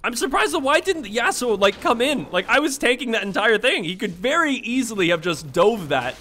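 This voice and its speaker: A man giving chatty live commentary on his own gameplay, excitable and quick to swear at teammates. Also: very high voice. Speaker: gaming streamer.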